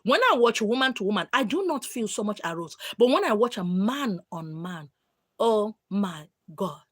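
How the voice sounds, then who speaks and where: Animated Nigerian woman storyteller. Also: mid-range voice, normal speed. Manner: animated, mixing in pidgin, acting out quotes. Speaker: live-stream host. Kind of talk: candid storytelling on a live stream.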